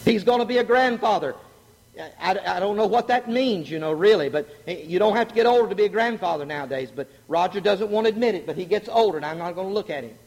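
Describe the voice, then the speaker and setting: A middle-aged man preaching a sermon, animated and joking, asking the congregation questions. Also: high voice, fast. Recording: long hall reverb.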